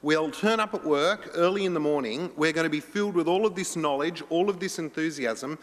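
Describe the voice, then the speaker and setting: A man's voice: on the high side, brisk. A man moderating a conference panel in an upbeat, playful way. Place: large conference hall. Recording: long hall reverb.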